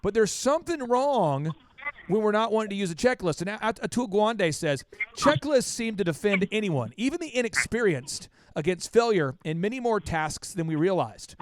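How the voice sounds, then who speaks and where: Male podcast host, high smooth voice, animated storyteller who acts out every quote. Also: moderate pace. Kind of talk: casual storytelling chat.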